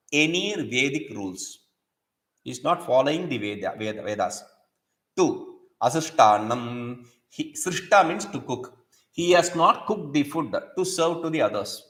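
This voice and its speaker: A man's voice: medium pitch, a bit bright, echoey room, poor audio. A man teaching a scripture lesson. He recites Sanskrit verses, then explains them in with many restarts.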